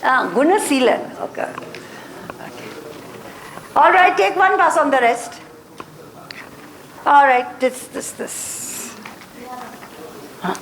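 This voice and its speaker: Woman, motivation trainer, high voice, echoey classroom, short repeated phrases. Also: animated, slow pace, long pauses, fairly bright tone, slight background noise. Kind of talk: classroom lecture. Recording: echoey room.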